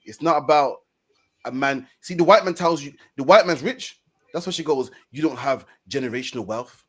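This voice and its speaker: A man hosting an online stream discussion, talking in a fast, emphatic, preaching way. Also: fairly high pitch, slightly rough.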